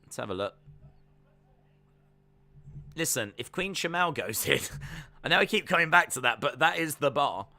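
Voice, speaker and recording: Brief: male stream host, chatty reactions, lively pitch, slightly high voice. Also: moderate pace, creaky, pauses often. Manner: chatty, musing, reacts aloud. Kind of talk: live wrestling watch-along commentary.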